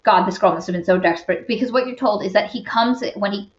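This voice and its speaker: A woman's voice: mid-range voice, fast. Podcast co-host, woman, casual rambling recap with fillers, roomy and lo-fi. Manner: rambling retelling full of fillers and asides. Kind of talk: casual book-review chat. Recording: roomy dull lo-fi recording.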